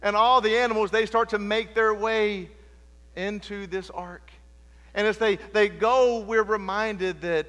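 Middle-aged male preacher, high voice, impassioned sermon delivery with loud-to-hushed swings, long church-hall reverb. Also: fairly even intonation, a little slow. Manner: impassioned, swings between loud emphatic lines and hushed low ones. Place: church sanctuary.

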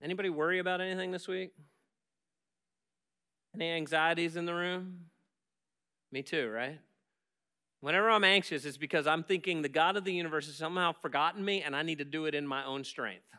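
A man preaching a sermon as pastor, animated as he acts out Bible scenes and dropping soft when leading prayer. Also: fairly high pitch, brisk, pauses often, clean tone.

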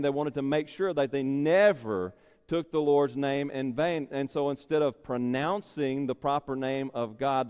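Slow, emphatic male preacher in a big hall. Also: on the high side, a little mellow, smooth. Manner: preaching, slow and emphatic, repeats phrases, rising in intensity. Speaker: pastor. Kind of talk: sermon. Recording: long reverb in a large hall.

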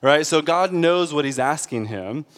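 A man preaching a sermon, animated and laughing often, checking in with the congregation as he goes. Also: on the high side, measured pace. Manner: animated, laughs often, asks the crowd "right?". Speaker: pastor. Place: church sanctuary. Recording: long hall reverb.

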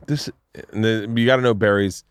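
Lower-voiced guy riffing stories on a podcast, swears a lot, dry close sound. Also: fairly quick, smooth, no echo. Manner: animated, profane storyteller doing voices. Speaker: podcast host. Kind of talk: casual storytelling chat.

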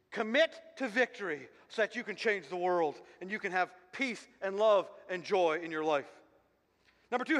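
A man's voice: extremely high pitch, sharp tone. A man preaching a sermon as pastor, fervent and repetitive, restarting phrases as he builds each point. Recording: long hall reverb.

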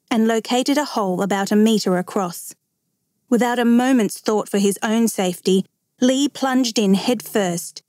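Female storyteller, measured and steady, drawing out tense moments, mid-pitched, dry close-miked sound. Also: no room sound. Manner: measured, slowing at dramatic moments. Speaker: narrator. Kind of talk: reading a true story aloud.

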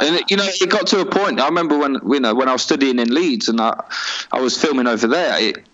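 Laughing videographer on a muffled call. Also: male voice, mid-range voice, quick pace, crowd noise. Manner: laughing, exasperated storytelling. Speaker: event videographer. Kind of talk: casual chat. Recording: dull lo-fi call audio.

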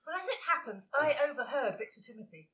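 A woman's voice: a little high, big pitch swings, fast talker, crowd noise. An actress playing a melodramatic young woman witness in a comedy sketch. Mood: prim. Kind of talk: live comedy sketch reading.

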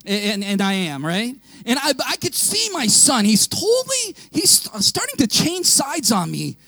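A male pastor giving an animated storytelling sermon, often raising his voice and laughing. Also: very high voice, measured pace, vocal fry.

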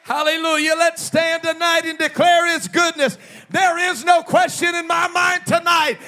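A man preaches a sermon, shouting each line with fervor. His voice is strikingly high and bright, and he draws his refrains out slowly. A congregation murmurs faintly behind him in the church. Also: flat delivery, some chatter behind. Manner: emphatic, shouted preaching with slow drawn-out refrains. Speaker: pastor.

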